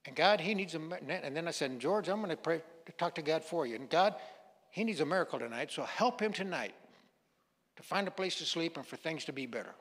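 Male pastor, folksy sermon storyteller, acts out dialogue, somewhat high pitch, reverberant sanctuary. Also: animated, brisk, fairly bright tone. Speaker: guest pastor. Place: church sanctuary. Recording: long hall reverb.

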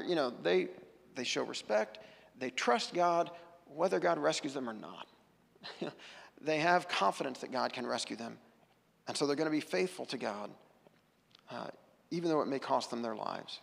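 A man's voice: on the high side, lively intonation, brisk, vocal fry, in a large hall. A male pastor giving a conversational sermon, retelling a scripture story with casual asides. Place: church sanctuary.

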